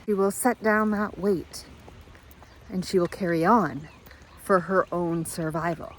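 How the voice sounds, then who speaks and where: A woman giving a reflective self-help monologue, speaking in slow, measured, repetitive phrases. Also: lowish voice, fairly even intonation, a little hiss or hum, poor audio.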